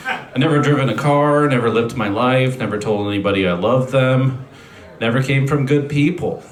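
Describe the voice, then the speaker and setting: A man doing a stand-up set, delivering dry, self-deprecating one-liners with frequent throat clearing on a stage mic. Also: mid-range voice, reverberant. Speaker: stand-up comedian. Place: comedy venue stage. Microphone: handheld stage mic on a speaker.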